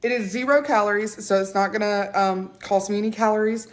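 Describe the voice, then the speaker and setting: A young woman, chatting casually to camera, excitable and full of fillers. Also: mid-range voice, fairly quick. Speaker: vlogger.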